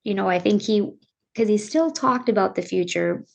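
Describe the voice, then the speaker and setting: Middle-aged woman, gravelly voice, earnest, halting, personal storytelling. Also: mid-range voice. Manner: earnest, halting, circling back on her words. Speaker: guest, bereaved mother.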